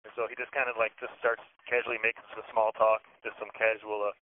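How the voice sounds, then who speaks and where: A man's voice: fairly low pitch, little pitch movement, quick pace. A man telling a long story in casual, rambling talk, swearing often and acting out what others said. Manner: rambling, swears a lot, acts out quotes. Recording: tinny phone-like audio.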